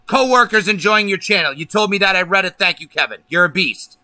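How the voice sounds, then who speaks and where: A man's voice: high-pitched, animated, fairly quick, pushed and bright, no room sound. A man hosting a political livestream, ranting angrily and emphatically with lots of profanity. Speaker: livestream host.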